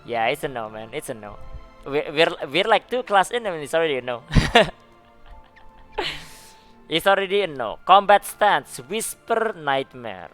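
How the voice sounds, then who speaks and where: A man streaming casual game commentary with a fairly high, smooth, clear voice. He talks in a laid-back, chatty way, laughing easily and sprinkling in "man" and "dude." Soft music plays faintly behind him. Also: sing-song, measured pace, long pauses. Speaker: streamer reacting to game forum posts.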